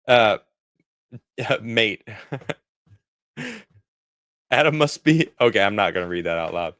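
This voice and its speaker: A man's voice: lowish voice, big pitch swings, slow, pauses often, a bit bright, dry recording, studio quality. A man in his forties, rambling in a casual livestream as he answers viewer chat, often laughing. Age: 40s. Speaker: streamer reading viewer chat.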